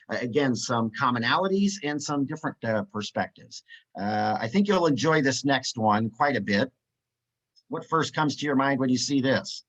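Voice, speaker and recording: A man's voice: medium pitch, a bit bright, highs cut off. A man presenting a live webinar, upbeat and chatty, reading out chat replies with many "uh" fillers.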